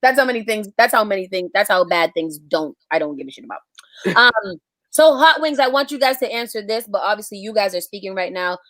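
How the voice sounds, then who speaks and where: A woman's voice: medium pitch, expressive, a little fast, fairly bright tone, no room sound. A young adult woman co-hosting a casual live chat show, reading out a list and laughing often. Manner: laughing, reads lists aloud. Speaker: podcast co-host.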